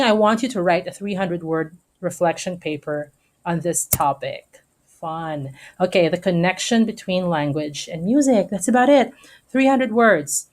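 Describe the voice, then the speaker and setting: A woman teacher giving a recorded online lesson to students, explaining step by step and checking in often with a quick "okay?". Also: lowish voice.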